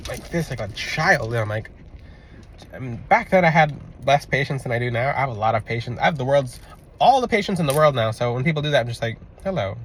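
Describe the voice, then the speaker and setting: A man with a Florida accent talks in a loose, rambling way at an ordinary middle pitch. He repeats lines and acts out the people in his story. A faint hum of noise sits behind his voice. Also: animated, brisk. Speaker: crystal seller and spiritual adviser. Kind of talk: casual storytelling monologue.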